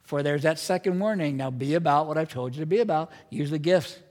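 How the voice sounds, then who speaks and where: His voice is on the high side with a darkish tone, and he speaks a bit fast. The pastor preaches with earnest emphasis and strong rises, and the church hall rings with long reverb.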